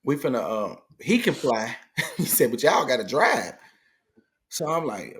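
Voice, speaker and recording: A man's voice: mid-range voice, measured pace. A middle-aged man, a guest telling a story in casual conversation and acting out the people he quotes. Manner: animated retelling, acting out quoted dialogue.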